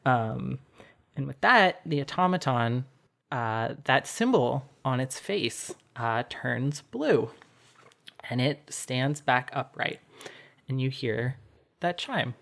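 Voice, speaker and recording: A man narrating a tabletop game as dungeon master, describing scenes in an unhurried storytelling way. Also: medium pitch, animated, creaky, a bit bright.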